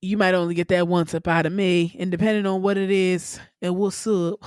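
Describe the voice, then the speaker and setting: A woman hosting her own podcast, talking candidly and with plenty of profanity, her voice leaping up in pitch when she gets worked up. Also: brisk, clear, resonant tone, no room sound, studio quality. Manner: candid, profane, animated storytelling with sudden pitch jumps. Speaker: podcast host. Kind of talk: casual solo podcast monologue.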